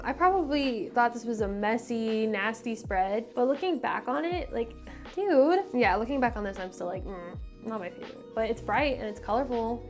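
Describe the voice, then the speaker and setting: A young woman casually chatting at home as an art vlogger, laid-back and self-mocking as she talks through her old sketchbooks. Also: medium pitch. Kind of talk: casual chat.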